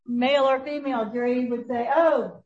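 A woman, sharing a personal testimony with an audience, telling the story warmly and laughing often. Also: mid-range voice, normal speed, muffled recording. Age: 70s.

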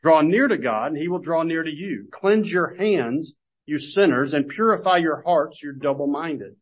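A man teaching a Bible class, telling homey, self-deprecating stories and then reading scripture in a measured way. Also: a little high, expressive. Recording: dull lo-fi recording.

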